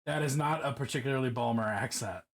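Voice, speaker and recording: A man's voice: medium pitch, quick pace. A man from Baltimore chatting casually on a live stream while painting miniatures alone in his room, profane, rambling and self-mocking.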